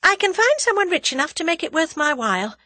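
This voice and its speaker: A woman's voice: extremely high pitch, very animated, pushed and bright, no room sound, pitched above the performer's own voice, full character voice. Spirited young woman, narrator voicing her, snappy and proud, dry close mic. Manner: brisk, snappish.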